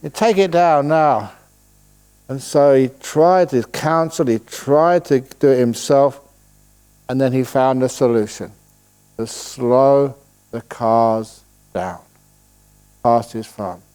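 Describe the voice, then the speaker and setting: A man, a Buddhist monk, giving a relaxed dharma talk at a retreat, telling stories and answering questions with playful humor. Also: medium pitch, clear, resonant tone. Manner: storytelling, playful, slows voice to demonstrate calm. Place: retreat hall.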